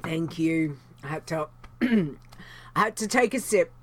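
Slow-talking woman hosting a stream. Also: sits low, animated. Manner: warm, rambling thank-yous. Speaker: show host. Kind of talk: casual stream sign-off.

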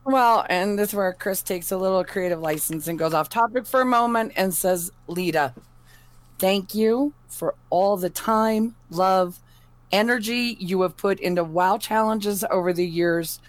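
A woman's voice: medium pitch, measured pace. A woman co-hosting a stream, reading a heartfelt message and a list of supporter names. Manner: warm, apologetic over names. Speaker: co-host.

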